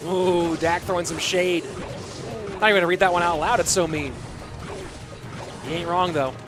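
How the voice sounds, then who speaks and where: High-voiced American esports caster. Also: male voice, steady tone, moderate pace. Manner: chatty, reads out and answers viewer chat. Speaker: esports commentator. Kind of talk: live game commentary. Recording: music behind the voice.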